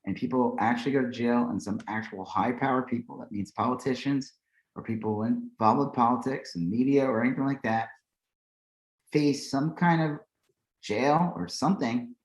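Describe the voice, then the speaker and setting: Podcast co-host, man, heated and profane, roomy echo. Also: medium pitch. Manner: heated, profane, reads posts aloud. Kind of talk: casual political chat.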